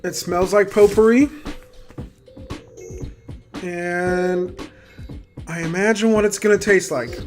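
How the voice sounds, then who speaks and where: High-voiced chatty man with faint music. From United States. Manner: chatty, halting with many ums. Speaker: food vlogger. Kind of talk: casual vlog taste test.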